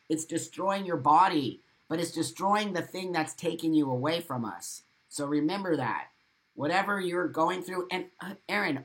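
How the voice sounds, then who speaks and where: A man's voice: fairly high pitch, fairly bright tone. A middle-aged man talks straight into his webcam on a live stream, answering viewers by name. His delivery is emphatic and repetitive, hammering points home with blunt, sometimes profane encouragement. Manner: blunt, swears. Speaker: livestream host. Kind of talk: live stream talk, reading viewer comments.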